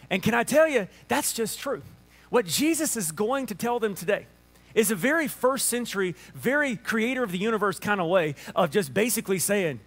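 A man in his thirties with a Southern Alabama drawl, preaching a sermon and telling a family story with lively restarts. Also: high voice, brisk. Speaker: pastor.

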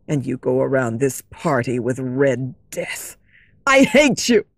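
A woman's voice: rumbling low, very animated, slow pace, dry recording, studio quality, voice pushed down, exaggerated voice. Woman voicing a bitter jealous young man. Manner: pleading, accusing.

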